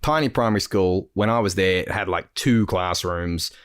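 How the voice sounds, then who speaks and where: An Australian man co-hosting a podcast, chatting casually, telling lively stories with acted-out quotes and frequent laughter. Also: low voice, moderate pace, clean tone. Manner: animated storyteller, acts out quotes, laughs often. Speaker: podcast co-host. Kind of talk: casual chat.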